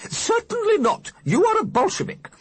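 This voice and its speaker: A man's voice: extremely high pitch, very animated, normal speed, a bit bright, pitched above the performer's own voice, full character voice. A man reading an audiobook, voicing an imperious, bossy dead lady with a pompous, commanding manner.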